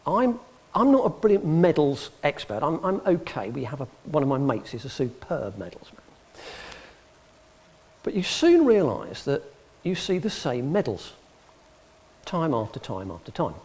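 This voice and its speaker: Animated man telling anecdotes. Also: on the high side, normal speed. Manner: lively storyteller, acts out the people in his stories. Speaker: speaker giving a talk. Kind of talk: anecdotal public talk. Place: public hall in front of an audience.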